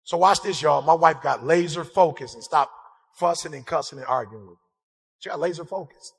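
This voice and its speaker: A man giving an impassioned sermon-style motivational speech, fiery and repetitive, calling out to the crowd and breaking into shouts. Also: fairly high pitch, brisk, vocal fry, slightly rough, big-room sound. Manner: fiery, repetitive call-and-response, bursts into shouts. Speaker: motivational speaker and preacher.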